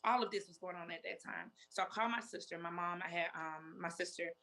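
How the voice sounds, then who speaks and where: A woman's voice: on the low side, fast talker, sharp tone. A woman in her forties telling her personal story as an interview guest, emotional, repeating herself as she quotes past conversations. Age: 40s. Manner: emotional, retells talks in quotes with many repeats.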